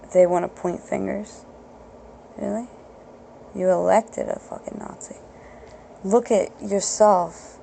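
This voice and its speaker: Woman ranting on her podcast, swears a lot, gravelly low-key dark voice, bit of hiss behind. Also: rough recording. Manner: profane, blunt, ranting. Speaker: podcast host. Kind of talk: unscripted solo rant.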